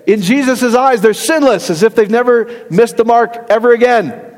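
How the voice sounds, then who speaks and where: In a church hall with a long, echoing reverb, a middle-aged man delivers a joking, conversational sermon, frequently quizzing the congregation and laughing at his own jokes. His voice is extremely high-pitched with a darkish tone, and he speaks at a normal speed.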